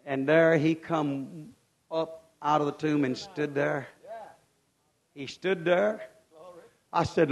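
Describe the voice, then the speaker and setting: Fired-up preacher guy, high voice, goes quiet then shouting, folksy questions to the crowd. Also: measured pace, gravelly. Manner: fervent, swings from hushed to shouting; folksy, rhetorical questions to the congregation. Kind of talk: sermon.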